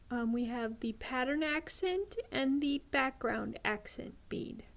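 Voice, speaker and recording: A woman hosting a beading tutorial, explaining each step patiently with frequent ums and pauses. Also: high voice.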